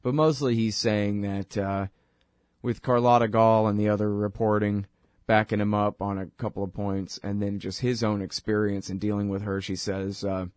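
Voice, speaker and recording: A man hosting his own radio show, talking in a rambling, wry, conversational way full of quick asides. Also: lowish voice, level tone, a little mellow, dry recording, clean studio sound. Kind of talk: casual monologue.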